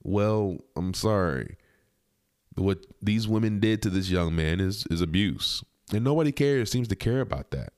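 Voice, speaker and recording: A man with a low voice talks into a close mic in a dry, dead room. His commentary is blunt and indignant, full of cursing and repetition. His pitch swings widely as he presses his point. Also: expressive, a little slow, darkish tone, dry recording. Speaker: podcast host. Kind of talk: commentary on a video clip.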